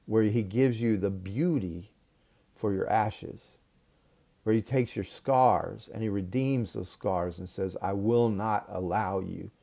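A middle-aged man delivers a sermon in a low, mellow voice. He tells a personal story earnestly, pausing to restart his phrases as he goes. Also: gravelly. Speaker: preacher.

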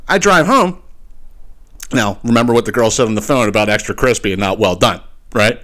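A man hosting a podcast, telling a story as a casual comic rant, swearing often and keeping his listeners in with quick asides. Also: fairly low pitch. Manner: profane, animated, keeps asking "right?". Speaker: podcast host.

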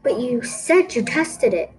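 A woman voicing a proud, angry schoolgirl coder, with a sharp, accusing manner, in a storybook reading. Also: on the high side, sing-song, measured pace, faint music behind, low-quality recording.

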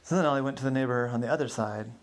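A man's voice: medium pitch, racing. A man narrating an improvised detective story in a loose, hesitant way, correcting himself as he goes.

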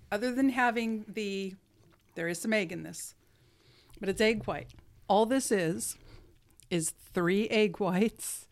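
A woman co-hosting a casual chat show, chatty and quick to laugh. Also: mid-range voice. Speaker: co-host.

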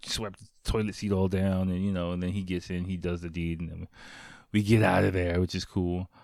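A man's voice: sits low, level tone, fairly quick, vocal fry, darkish tone, dry recording, studio quality. A man in a casual vlog monologue, rambling and profane, full of fillers, living in Japan. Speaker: vlogger. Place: home in Japan.

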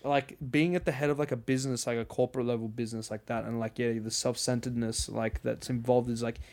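A man's voice: medium pitch, fast talker. A man hosting a podcast, chatting casually and telling rambling stories with swearing and filler words. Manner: rambling, swearing, animated storytelling. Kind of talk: casual chat.

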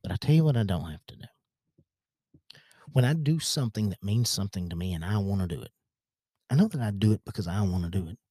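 Frank, low-voiced country man podcaster. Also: animated, fast, pauses often, mellow, slightly rough, no room sound, clean studio sound. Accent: rural American country. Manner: frank, rambling, with many restarts. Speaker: podcast host. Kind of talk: podcast monologue.

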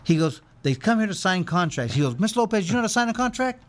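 A man's voice: high-pitched, very animated, fast talker. A former boxer telling a long rambling story as an interview guest, acting out the voices of the people he quotes.

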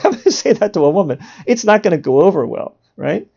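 Gravelly, sarcastic male podcast host. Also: a little high, big pitch swings, fairly quick, hardly any pauses, mellow, dull audio. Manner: sarcastic, mock-indignant, laughs at his own jokes. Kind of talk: provocative monologue.

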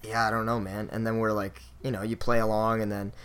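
A young man with a slightly low voice hosts a casual podcast chat. He rambles through a story, swears freely and pads his sentences with filler words. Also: little pitch movement, a little fast, a bit bright, smooth. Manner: loose, profane, filler-heavy storytelling. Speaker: podcast host.

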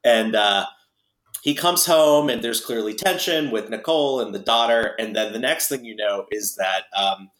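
A man's voice: fairly low pitch, moderate pace, a bit bright, reverberant, rough recording. A man hosting a podcast, chatting casually and wryly about a movie with lots of fillers. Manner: chatty, wry, many fillers. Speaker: podcast host.

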